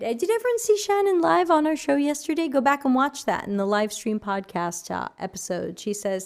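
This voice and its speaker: A woman's voice: high voice, a little fast, gravelly, hardly any pauses. Chatty woman hosting a livestream Q&A. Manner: chatty and animated, reads chat questions aloud. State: tired voice after an hour of talking. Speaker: livestream AMA host. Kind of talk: casual livestream Q&A.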